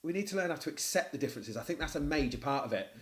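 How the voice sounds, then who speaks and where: Brief: middle-aged male podcast co-host, lively swing, quick delivery, blunt and sweary. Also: fairly high pitch. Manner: animated storyteller, swears freely. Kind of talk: casual chat. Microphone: podcast microphone.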